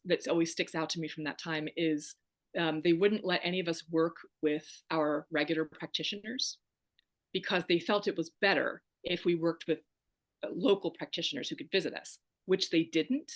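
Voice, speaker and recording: A woman's voice: on the low side, moderate pace. A woman guest on a podcast, telling her own story in an emphatic, wry, candid way. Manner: emphatic, wry, acts out quoted voices.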